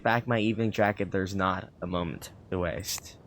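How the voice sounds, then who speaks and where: A man reading out the lines of a calm gentleman traveller from a game, in his own voice. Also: low voice, normal speed, pitched below the performer's own voice. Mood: brisk.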